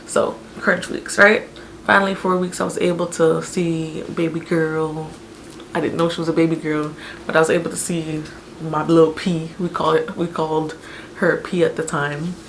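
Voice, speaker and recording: Give me a young woman chatting animatedly to camera, with a low, gravelly voice. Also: normal speed, slight background noise. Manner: chatty, animated, filler-heavy with lots of "like". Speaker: vlogger telling her birth story. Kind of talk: casual storytelling.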